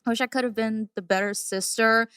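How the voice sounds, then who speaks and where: A woman's voice: a little high, fairly even intonation, fairly quick, bright, forceful tone, smooth, no echo, studio quality. A young woman co-hosting a podcast, chatting casually and getting emotional as she talks. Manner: emotional, talks through tears. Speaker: podcast co-host. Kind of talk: casual chat.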